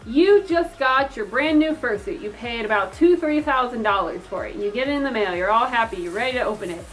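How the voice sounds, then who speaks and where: A woman's voice: a little high, lively intonation, brisk, soft background music, low-quality recording. A young woman who makes fursuits, giving chatty advice to customers and pleading with them while acting out the messages they might send. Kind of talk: casual advice vlog.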